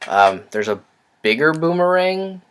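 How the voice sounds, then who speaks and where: A man's voice: on the high side, big pitch swings, unhurried, fairly bright tone, clear, resonant tone. A young man co-hosting a casual chat, easygoing and agreeable, often hesitating with fillers. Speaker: podcast co-host.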